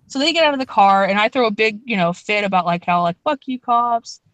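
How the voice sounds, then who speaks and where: A woman's voice: mid-range voice, lively intonation, fast, no echo. Young woman, rambling storyteller, swears a lot, dry close mic. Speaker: podcast co-host. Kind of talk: casual storytelling chat.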